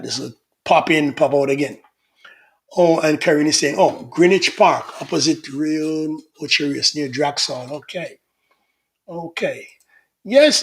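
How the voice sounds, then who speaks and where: A middle-aged man hosting a casual livestream, reading out viewer comments in a chatty, teasing manner. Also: fairly high pitch. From Jamaica. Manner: chatty, teasing, laughs often.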